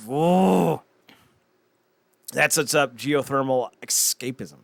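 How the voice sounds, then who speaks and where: A man co-hosting a podcast, casually retelling a TV episode in a rambling, animated way with many restarts. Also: mid-range voice, moderate pace, dry recording. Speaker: podcast co-host. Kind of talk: casual chat recapping a TV episode.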